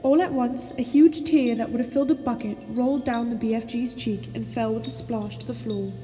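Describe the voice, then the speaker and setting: A woman's voice: a little high, brisk, very noisy. Woman narrating a storybook, reverberant. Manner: expressive storytelling. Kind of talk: storybook reading.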